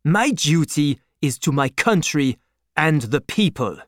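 A grim, guarded wine-shop keeper answers in hushed, clipped lines, as a male narrator puts him on. The voice drops lower and softer than the narration and stays dry and close. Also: sing-song, takes it slowly, dry recording, heavily acted. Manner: low, quiet, curt delivery.

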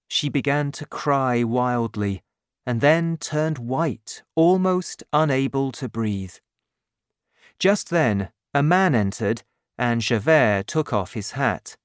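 A man narrating an audiobook chapter in a slow, clear and expressive way. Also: mid-range voice, dry recording, clean studio sound.

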